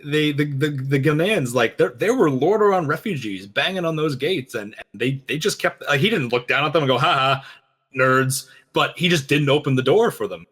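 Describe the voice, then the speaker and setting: A man co-hosting a game lore reaction show, talking fast and animatedly, acting out quoted lines. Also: a little high, lively intonation, a bit bright, husky. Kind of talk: casual chat, lore analysis.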